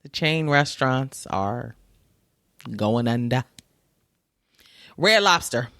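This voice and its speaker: A podcast co-host chats casually, giggling as she reads news aloud between bursts of laughter. Her bass voice has lively intonation and a fairly bright tone, delivered slowly in a dry, clean studio recording.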